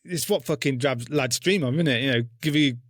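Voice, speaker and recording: A man's voice: medium pitch, a little fast, a bit bright, dry recording, clean studio sound. A man and army veteran telling a war story on a podcast in a blunt, casual way, swearing constantly and acting out what he said back then. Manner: blunt, heavy swearing, acts out his own past words.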